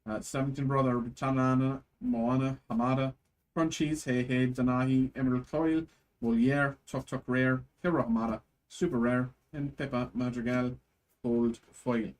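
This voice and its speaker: A man hosting a live stream card break, reading off card names in quick lists and chatting with his viewers. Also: mid-range voice, fairly even intonation, darkish tone. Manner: chatty with chat viewers, thanks buyers. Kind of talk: live stream pack opening.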